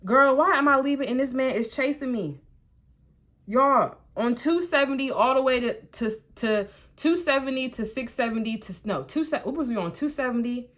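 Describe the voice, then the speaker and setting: Animated young woman telling a storytime. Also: sits high, normal speed. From Columbus, Ohio. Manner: animated, slangy storytelling with acted-out quotes. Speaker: vlogger. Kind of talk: storytime while getting ready.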